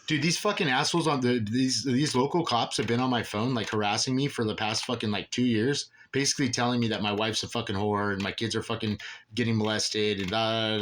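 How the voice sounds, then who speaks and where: A man's voice: on the low side, a bit bright, a little hiss or hum. Angry, profane man ranting. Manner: agitated, profane, rambling with many restarts. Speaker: aggrieved father ranting about officials. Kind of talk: angry monologue.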